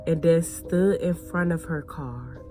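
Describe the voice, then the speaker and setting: A woman with a low, deep voice tells a story in a slow, unhurried way. She is a video host chatting casually to her viewers, and clear music plays behind her. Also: warm tone. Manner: chatty, addresses viewers as y'all.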